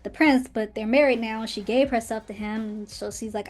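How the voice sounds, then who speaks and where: A woman's voice: on the high side, normal speed, few pauses. Chatty young woman recapping a show. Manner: animated, acts out characters' lines in quotes, frequent "like". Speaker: podcast host. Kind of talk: casual commentary recapping a TV show.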